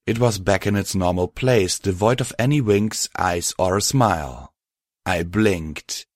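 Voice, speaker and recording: A man narrating a story aloud in a steady, even storytelling manner. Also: deep voice, a little slow, dry recording, studio quality. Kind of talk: scripted audiobook narration.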